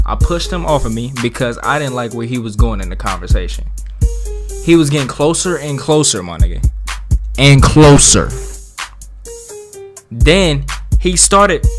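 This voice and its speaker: A man spinning a storytime tale with a middle-pitched voice and heavy slang. He lurches between loud outbursts and low mutters as he tells it, and a little music plays quietly underneath. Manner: profane, slangy, dramatic storyteller with big swings in loudness. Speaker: vlogger telling a story. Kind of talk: casual storytime.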